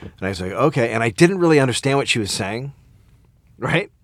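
A man's voice: mid-range voice, very animated, a little fast, no echo. A man telling a comic story in casual chat, laughing and swearing as he goes. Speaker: podcast co-host.

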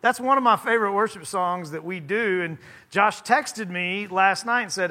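A man in his thirties, a pastor, preaching a sermon in a church, his voice hoarse from singing and his delivery conversational with self-deprecating humor. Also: high voice, normal speed, pushed and bright. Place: church sanctuary.

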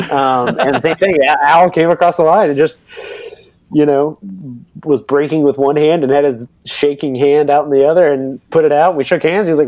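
A man's voice: a little high, normal speed, darkish tone, no room sound, low-quality recording. A young man, an interview guest, telling a long story in loose casual talk full of fillers, acting out the voices of other people. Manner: rambling, many fillers, acts out others' voices. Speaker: interview guest, bike racer and mechanic.

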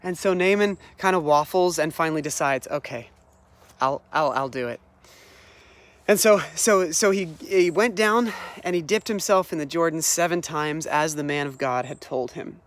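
Animated preacher man, slightly high voice. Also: normal speed, hardly any pauses. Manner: animated storyteller, repeats words as he restarts. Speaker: pastor. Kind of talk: sermon, retelling a Bible story.

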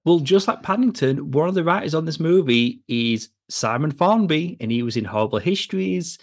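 A man's voice: on the high side, animated, moderate pace. A man co-hosting a podcast, chatting casually about a film and rambling through the cast with frequent laughs. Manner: rambling, laughs often, lists cast members. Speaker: podcast co-host. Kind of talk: casual film review chat.

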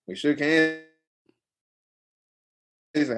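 A young adult man, a pro fighter, telling a story in a casual interview, animated and emphatic, repeating phrases for effect. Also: on the high side, moderate pace, pauses often.

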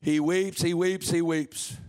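A man's voice: fairly high pitch, little pitch movement, takes it slowly, darkish tone, clean tone. A man preaching a sermon in a church, fervent and driving his points home by repeating phrases. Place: church sanctuary.

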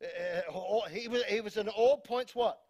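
New Zealand male pastor, higher voice, emphatic sermon delivery, repeats himself, jokes with the congregation. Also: moderate pace, a little mellow. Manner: emphatic, repeats words, reads scripture aloud, jokes with congregation. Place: church hall.

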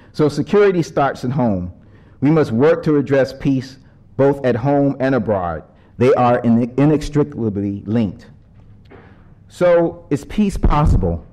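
Man, panel speaker, earnest measured speech, dark mellow tone, conversational asides. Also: medium pitch. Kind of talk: prepared speech with ad-libbed asides.

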